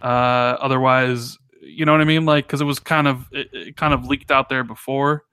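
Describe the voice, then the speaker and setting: A man's voice: mid-range voice, normal speed, clean tone, dry recording. Rambling chatty man, dry close mic. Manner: animated, rambling with many restarts and fillers. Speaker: podcast co-host. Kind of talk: casual podcast chat.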